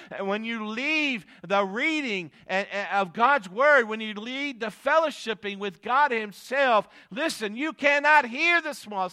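Male preacher with a clear, high, bright voice, dynamic delivery from hushed to emphatic. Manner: dynamic, swings from quiet asides to emphatic raised delivery; reads scripture in archaic phrasing, repeats key lines. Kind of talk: sermon with scripture reading.

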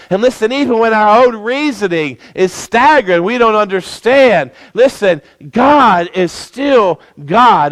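A man preaching a sermon, swinging between loud emphatic peaks and low, quiet stretches, calling for amens. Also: no echo. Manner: call-and-response preaching, rising and falling emphatically.

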